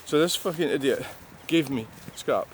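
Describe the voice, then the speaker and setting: Older Scottish man, sixties, mid-pitched and meandering, wry vlogger talking to himself outdoors with faint background noise. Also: lively intonation, normal speed. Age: 60s. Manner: musing, meandering, wry self-mocking asides. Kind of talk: rambling, reflective monologue.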